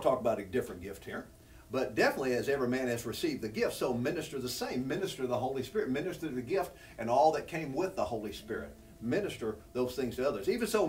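A man's voice: mid-range voice, a little mellow, far from the mic, slight background noise. A man preaching a sermon, teaching from scripture in an earnest, conversational way that rises when he presses a point. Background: congregation responding.

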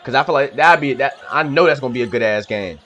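A young man hosting a reaction video, talking in an excitable, slangy way and laughing often. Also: mid-range voice, quick pace, highs cut off. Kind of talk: casual reaction commentary.

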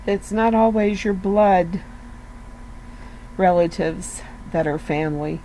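A woman's voice: on the low side, takes it slowly, mellow, a little hiss or hum, poor audio. Earnest woman giving a chatty devotional. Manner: conversational, earnest, peppered with "you know" and rhetorical questions. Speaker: devotional speaker. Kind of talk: casual devotional talk.

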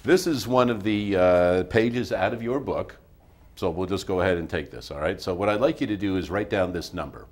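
A man's voice: deep voice, normal speed. A man hosting a math TV show from a studio, teaching in a patient, classroom style and checking in often with his listeners. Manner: patient, coaxing, checks in often with "all right?".

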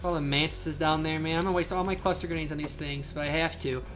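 A young man giving excitable live commentary on a survival game he is playing, with frequent outbursts and laughs. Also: a little high, quick pace. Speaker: gaming channel host. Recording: faint game music behind.

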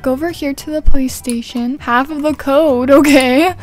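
A woman giving casual, bubbly gameplay commentary, gasping with excitement as she explores a game. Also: sits high, normal speed, soft background music. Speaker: gaming YouTuber.

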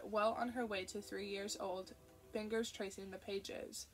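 A woman reading an audiobook narration in a steady, expressive way. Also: medium pitch, unhurried, soft background music.

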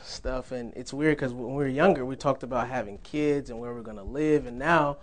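A man's voice: medium pitch, normal speed. A young man giving a sermon in a church, conversational and humorous, laughing often. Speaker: preacher.

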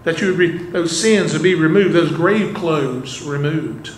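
In an echoey church sanctuary with faint ambience and a little hiss or hum, a pastor delivers a sermon in a slightly high, slightly slow voice. He earnestly poses rhetorical questions to his congregation.

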